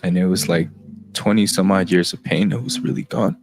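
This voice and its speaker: A man's voice: deep voice, fairly even intonation, fairly quick, music in the background. A middle-aged man, the guest, tells an emotional personal testimony, acting out the voices of the people in it. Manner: emotional storytelling, acts out quoted voices.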